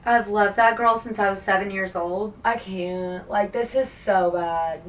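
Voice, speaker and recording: A woman's voice: mid-range voice, normal speed, hardly any pauses, a bit bright, distant mic. A woman book vlogger reacting emotionally to a novel in casual talk, gushing and full of "like". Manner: gushing and emotional, heavy filler "like". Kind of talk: casual reading-vlog reactions.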